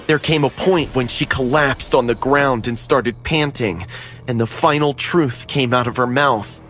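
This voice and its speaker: Male narrator for a scripted horror tale, mid-pitched, steady and dramatic, faint music under him. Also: measured pace.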